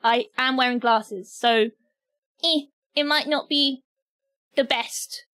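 A woman's voice: high voice, steady tone, slow pace, sharp tone, dry recording, studio quality. A British woman streaming, chatting casually with her viewers, giggly and nervous. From Britain. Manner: giggly and nervous, talking to chat. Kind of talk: casual livestream chat.

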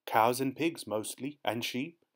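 A man's voice: mid-range voice, unhurried, close to an everyday voice. A man voicing a doting elderly aunt of nearly eighty, fond and coaxing in tone in a storybook reading. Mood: disdainful.

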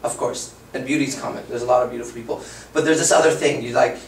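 A man's voice: medium pitch, steady tone, fast talker, gravelly. Guy in his 30s lecturing live, swears a lot, talks straight, echoey room, faint hiss behind. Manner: blunt, profane, conversational. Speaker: dating coach. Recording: roomy, far from the mic.

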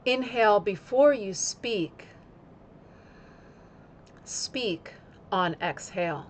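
A woman yoga teacher speaking in an instructional video, using slow, deliberate phrasing timed to her breath. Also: mid-range voice, expressive, a little hiss or hum.

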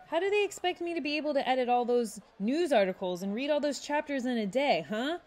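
A woman's voice: fairly high pitch, sing-song, fairly quick, darkish tone, pitched above the performer's own voice. A woman voicing a sarcastic, teasing teenage boy in a read-aloud story.

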